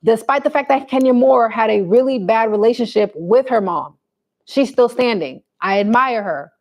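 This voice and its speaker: A woman's voice: on the high side, normal speed, darkish tone. A woman vlogger giving blunt, preachy advice to her viewers in a casual chat.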